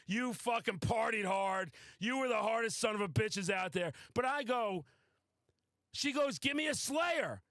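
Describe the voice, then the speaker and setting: Man, podcast host, high voice, excitable, boastful, profane, casual chat, dry close sound. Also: a little slow, no room sound.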